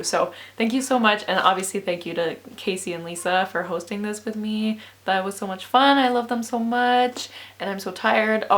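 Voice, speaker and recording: This book vlogger has a mid-range, fairly bright voice and sounds tired and sleepy. The young woman talks casually and rambles, peppering everything with "like" and laughing often.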